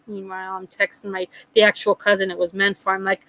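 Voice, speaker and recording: A woman's voice: mid-range voice, level tone, quick pace, few pauses, fairly bright tone, no room sound, low-quality recording. Laughing middle-aged woman telling a story. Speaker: livestream host. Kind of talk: casual storytelling chat.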